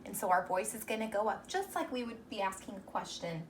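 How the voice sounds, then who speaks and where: A young woman teacher giving a reading lesson to young children, speaking slowly and encouragingly and sounding out words sound by sound. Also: mid-range voice, expressive, far from the mic, a little hiss or hum.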